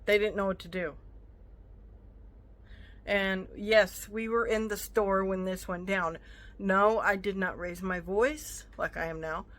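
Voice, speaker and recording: A woman vlogs a casual storytime rant with a bright, forceful edge to her voice. She retells an argument with indignation, acting out both sides. She rambles and breaks off to make side comments. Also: mid-range voice, slow pace. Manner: indignant, animated retelling with acted-out quotes; rambling, stops mid-story to chat. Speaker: vlogger.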